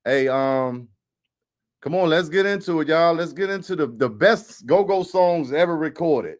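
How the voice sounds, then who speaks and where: A man's voice: a little high, expressive, unhurried. A man hosting an online radio show, chatting casually with listeners and loosely introducing the topic.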